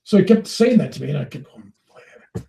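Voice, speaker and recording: Animated older man telling a story. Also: on the high side, fast talker, creaky, reverberant, recorded from a distance, poor audio. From United States. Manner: animated, acts out dialogue in his story. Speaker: interview guest. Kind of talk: storytelling in casual conversation.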